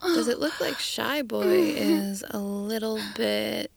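Slow, gravelly woman in whispered role-play. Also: fairly high pitch, lively intonation, dry recording. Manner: teasing, coaxing, often whispered.

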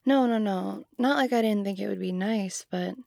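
Young woman, role-play voice: gravelly fry, warm tone, casual and giggly, dry close sound. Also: medium pitch, normal speed, no room sound. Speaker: audio role-play performer. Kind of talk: audio role-play to the listener.

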